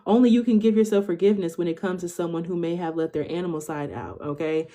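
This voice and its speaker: Young woman, tarot reader, low warm voice, casual live reading, keeps asking okay. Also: fairly even intonation, fast talker. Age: 20s. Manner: chatty, tags nearly every phrase with "okay?"; slangy, informal delivery.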